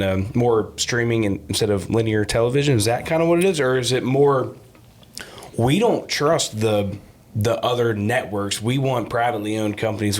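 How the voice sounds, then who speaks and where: Male podcast host, low-pitched, loose and conversational, long winding questions. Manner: asks long rambling questions. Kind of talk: casual interview chat.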